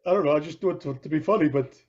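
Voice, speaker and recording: A man's voice: a little high, rapid-fire, husky. A middle-aged man and podcast co-host telling a long anecdote in casual chat, acting out the voices of the people in it. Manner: animated storyteller acting out quoted voices, with frequent restarts. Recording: dull lo-fi podcast recording.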